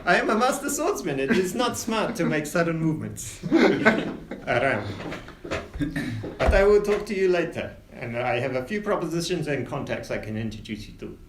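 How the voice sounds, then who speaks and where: A man's voice: fairly high pitch, sing-song, moderate pace. A man voicing a small, lithe ship captain who brags about his swordsmanship and speaks formally. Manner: formal, stiff, boastful. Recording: echoey room, faint hiss.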